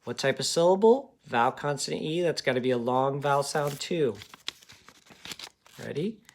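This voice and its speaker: A man's voice: medium pitch, expressive, normal speed, a little hiss or hum. A man teaching a phonics lesson to children, patient and encouraging, checking in often with "okay?".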